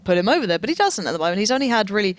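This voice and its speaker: A man calling live esports play-by-play on a headset mic, his voice jumping higher when the plays get big. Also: sing-song, racing, a little hiss or hum. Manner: pitch leaps high in big plays. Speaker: esports commentator.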